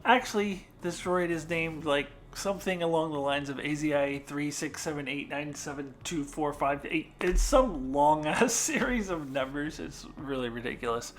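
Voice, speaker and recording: A woman's voice: low voice, fairly bright tone. A woman hosting a casual countdown video, talking in a chatty, enthusiastic way with frequent filler sounds. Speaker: video host.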